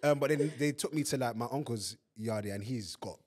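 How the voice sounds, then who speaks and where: A man's voice: mid-range voice, moderate pace, noisy background. A man in his thirties with a London accent, chatting casually as a podcast guest and acting out his stories with voices and laughter. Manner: animated storyteller, acts out voices and laughs often. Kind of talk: casual chat.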